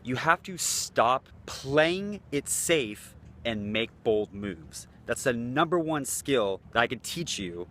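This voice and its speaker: A man's voice: mid-range voice, very animated, takes it slowly, bright, forceful tone, a little hiss or hum. A man talking as a dating coach in a loose, blunt, casual way, swearing freely. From United States. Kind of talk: casual talking-head vlog.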